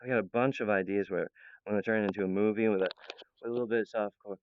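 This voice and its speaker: A man's voice: fairly low pitch, fairly even intonation, rapid-fire, a little hiss or hum. A young man talking in a meandering monologue, laughing often and breaking off mid-sentence. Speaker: channel host. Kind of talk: rambling monologue. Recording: dull, lo-fi, dry sound.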